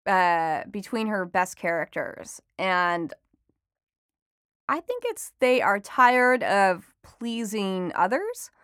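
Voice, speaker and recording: A woman's voice: medium pitch, expressive, slow, fairly bright tone, clear, resonant tone, no room sound. Woman chatty reporter guest, laughs easily, lots of ums, close dry mic. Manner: chatty, laughs often, many fillers. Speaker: entertainment reporter and author. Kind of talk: conversational interview answers.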